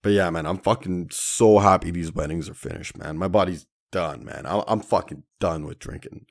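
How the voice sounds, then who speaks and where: A young man hosts a casual solo podcast, telling stories in slangy, profane language and addressing listeners as dude and man. His voice sits low and he speaks at a moderate pace.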